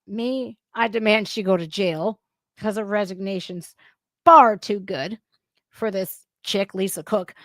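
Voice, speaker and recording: A woman's voice: mid-range voice, unhurried, a bit bright, dry recording, studio quality. A woman hosting a casual political reaction show, blunt and heated, swearing freely and breaking into sudden outbursts. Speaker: political commentary host.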